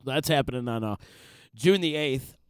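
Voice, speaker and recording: A man's voice: mid-range voice, moderate pace, clear, resonant tone, dry recording. A man hosting a local radio show, upbeat and announcing community events in casual banter. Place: radio studio.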